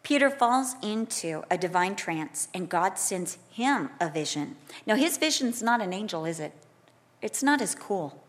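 Speaking unhurriedly in a mid-range voice, a middle-aged woman delivers a sermon. Scripture teaching alternates with an animated personal anecdote, and she performs quoted lines loudly.

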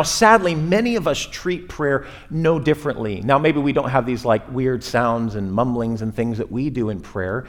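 Male pastor, mid-pitched voice, casual conversational sermon delivery with big dynamic swings. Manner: conversational preaching with wide swings in pitch and loudness. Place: church sanctuary.

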